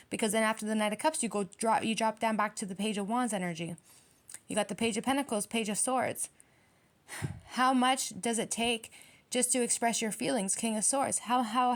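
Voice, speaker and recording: Blunt, profane woman reading tarot. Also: fairly high pitch. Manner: blunt and profane, with emphatic rhetorical questions. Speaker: tarot reader. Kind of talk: casual tarot reading monologue.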